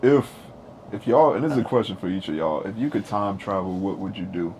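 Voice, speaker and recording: A man's voice: low-pitched, animated, brisk, a little mellow, slight background noise. A man co-hosting a podcast in casual chat, blunt and crude, putting questions to the group. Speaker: podcast co-host.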